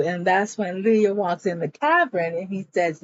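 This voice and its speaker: A woman's voice: medium pitch, lively intonation, normal speed, hardly any pauses, muffled recording. A woman recapping a TV episode in a casual, chatty way, acting out the characters' lines and addressing her viewers as y'all. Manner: chatty storytelling that acts out quotes, says y'all. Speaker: TV episode reviewer.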